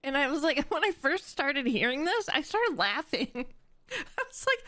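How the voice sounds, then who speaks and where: A woman live-streaming casual chat to her audience, animated and admittedly dramatic. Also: sits high, moderate pace, dry recording. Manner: animated and self-described dramatic.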